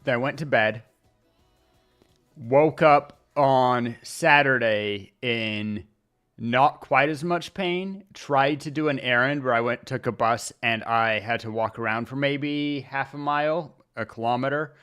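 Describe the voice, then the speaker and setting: Smooth-voiced man chatting casually on stream. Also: medium pitch, a bit bright, faint music behind. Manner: rambling, chatty, many pauses and restarts. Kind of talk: casual livestream chat. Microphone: desk mic at streaming setup.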